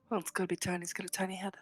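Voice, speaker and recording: A woman's voice: medium pitch, slightly rough. A woman playing a tabletop game, laid-back and easily amused. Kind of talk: casual in-character play.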